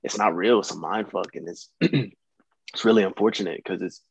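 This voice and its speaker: A young American man, an actor, chatting as a guest in a relaxed, rambling way with many fillers. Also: low-pitched, moderate pace, creaky, muffled recording, a little hiss or hum. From United States. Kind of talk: casual interview chat.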